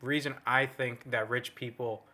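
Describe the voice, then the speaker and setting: A man's voice: mid-range voice, steady tone, unhurried, bright, forceful tone. A young man co-hosting a casual podcast, rambling with lots of fillers and restarts and swearing freely. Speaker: podcast co-host. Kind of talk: casual chat.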